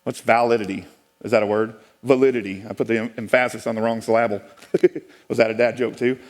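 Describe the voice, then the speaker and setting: A man's voice: fairly low pitch, little pitch movement, fast. A man giving a folksy, joking presentation to a live audience, with many restarts. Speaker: speaker giving a talk.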